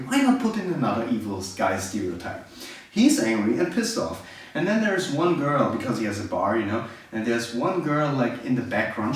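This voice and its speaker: A man reviewing a film in a casual, sarcastic, exasperated rant. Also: medium pitch. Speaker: movie reviewer. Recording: very echoey room, distant mic.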